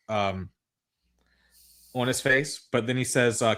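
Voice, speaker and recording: A man in mid pitch talks through a recap as a podcast co-host, loose and rambling, with plenty of swearing. He chuckles at the absurd parts and drifts between asides. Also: moderate pace, bright, forceful tone. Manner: rambling, swears freely, laughs at absurd moments. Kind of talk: casual recap chat.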